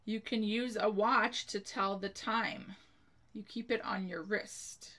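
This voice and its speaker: A woman slowly teaching a spelling lesson to children, spelling each word letter by letter in a careful manner and giving an example sentence. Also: mid-range voice, fairly even intonation, pushed and bright.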